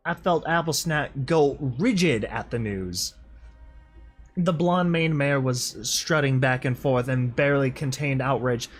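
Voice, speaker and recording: A man's voice: medium pitch, measured pace. A man reading a story aloud and commenting on it, laughing often and crying out in mock dismay. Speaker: reader and commentator. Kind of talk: fan fiction reading with commentary.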